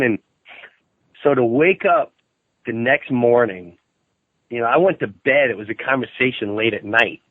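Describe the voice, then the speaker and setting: A man calling in as a guest, telling a story in an animated way and acting out what people said. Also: moderate pace, pauses often, no echo. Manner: excitable, acts out quotes in shrill outbursts. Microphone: phone call. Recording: tinny dry phone line.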